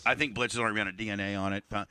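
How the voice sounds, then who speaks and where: A man's voice: on the low side, steady tone, very fast, bright, forceful tone, clean tone. A man hosting a radio show, telling a crude story in blunt casual banter.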